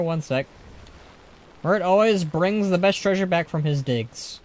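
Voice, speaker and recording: A man's voice: high voice, a little slow. A man streaming a game live, reading the text aloud with chatty, joking commentary.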